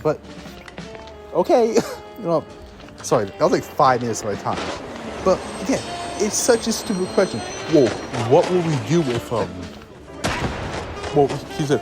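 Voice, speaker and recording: Casual male vlogger, young, exasperated storyteller with lots of restarts; animated delivery, music bed under the voice. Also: on the high side, normal speed. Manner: exasperated, swearing, laughing, many restarts.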